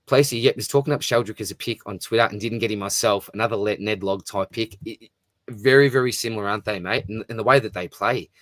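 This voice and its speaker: Speaking quickly in a lowish, fairly bright voice, the host of a fantasy football live stream answers comments from viewers in a relaxed, chatty way. He keeps addressing people as "mate," and the recording is dry and clean, studio-grade.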